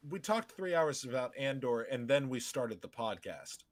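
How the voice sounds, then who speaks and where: A man's voice: mid-range voice, big pitch swings, moderate pace, over a noisy crowd. A man co-hosting a live film podcast, joking and hamming it up as he introduces the show and guests. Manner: playful, jokey showman intros. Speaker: podcast co-host.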